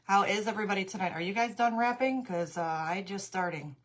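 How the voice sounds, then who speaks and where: A woman's voice: mid-range voice, a little fast. A middle-aged woman chats through a home craft livestream. She greets each viewer by name and laughs easily, a little out of breath. She is recorded on a tablet mic in her craft room. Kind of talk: casual livestream chat.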